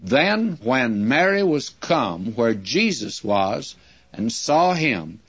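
A man's voice: mid-range voice, very animated, slow pace, fairly bright tone, husky, highs cut off. An older man giving a radio Bible teaching, explaining verses in a folksy, earnest manner.

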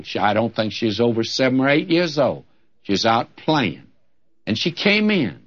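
An older man preaching a sermon as a pastor, folksy and humorous, quoting scripture. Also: medium pitch. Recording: dull lo-fi old recording.

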